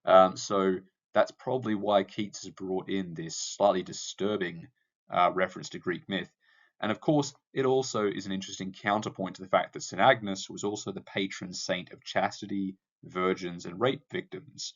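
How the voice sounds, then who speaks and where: A man's voice: low-pitched, steady tone, normal speed, highs cut off. A male teacher explaining a poem to his class, with frequent ums and uhs. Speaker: English teacher. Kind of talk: lecture on poetry analysis.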